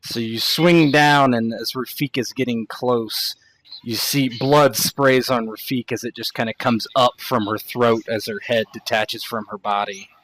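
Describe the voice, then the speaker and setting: A man's voice: mid-range voice, steady tone, unhurried, fairly bright tone. A man narrating as game master in a tabletop role-play, hedging his descriptions with fillers.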